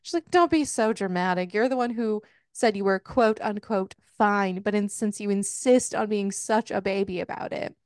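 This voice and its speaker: A woman's voice: mid-range voice, moderate pace, darkish tone, clean tone, no room sound, studio quality. A woman co-hosting a podcast, chatting casually and animatedly retelling scenes by acting out the dialogue. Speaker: podcast co-host. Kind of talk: casual book discussion.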